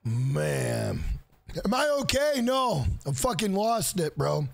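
A man streaming a game live, loud and profane, joking around, greeting viewers by name and breaking into shouted rhyming bits. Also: fairly high pitch, very animated, slow, gravelly, a little hiss or hum.

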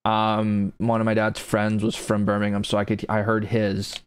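A man's voice: lowish voice, monotone, moderate pace, slight background noise. A man casually commenting while playing a golf video game, chatty and self-deprecating, rambling between shots. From grew up with English parents, not in Britain. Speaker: gaming streamer playing golf.

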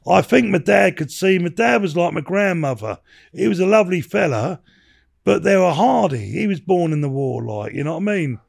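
Sounding high and gravelly, this podcast guest in his sixties, a former bare-knuckle boxer, drifts from one story to the next, swearing freely and repeating "you know what I mean." He's expressive and talks at a moderate, easygoing pace, like a casual chat.

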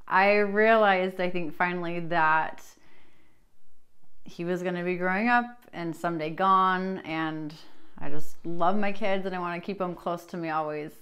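A woman's voice: lowish voice, normal speed, a bit bright, smooth. Woman, children's music teacher; upbeat, laughs easily, breaks into little songs. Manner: cheerful, laughs often, sings short tunes. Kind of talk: kids' online music lesson.

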